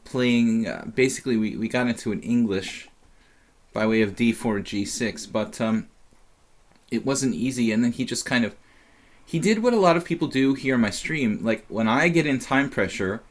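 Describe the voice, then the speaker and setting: A man's voice: mid-range voice, expressive, moderate pace. A tired man casually commentating his chess simul on a live stream, rambling and chatty with lots of fillers.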